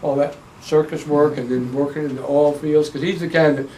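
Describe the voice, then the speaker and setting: A man's voice: a little high, brisk. Older man telling family stories. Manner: rambling, animated storyteller with frequent restarts. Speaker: interviewee. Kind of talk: oral history storytelling. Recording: distant mic with faint background noise.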